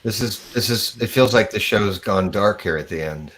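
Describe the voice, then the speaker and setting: A man's voice: lowish voice, moderate pace, a bit bright, slight background noise. A man guesting on a talk show, with dry, wry humor in easy conversation. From United States. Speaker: guest musician. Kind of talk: casual interview chat.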